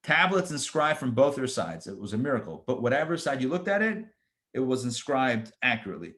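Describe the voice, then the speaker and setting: A rabbi reading scripture verses aloud and explaining them in casual asides, with lively, emphatic rhetorical questions. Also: male voice, medium pitch, brisk. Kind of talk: Torah study lesson.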